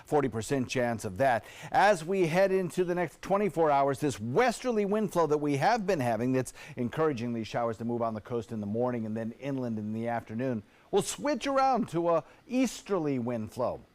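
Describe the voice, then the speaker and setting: A man presenting the local TV weather forecast in a steady, informative way. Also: mid-range voice, a little fast, few pauses. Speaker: TV meteorologist.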